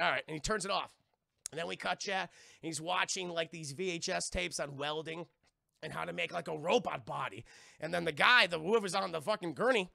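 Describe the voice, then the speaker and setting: Gravelly, animated male streamer. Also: high-pitched, no echo, clean studio sound. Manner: animated, swearing, acts out quoted lines, addresses chat. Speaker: TV review streamer. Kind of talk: casual live-stream recap.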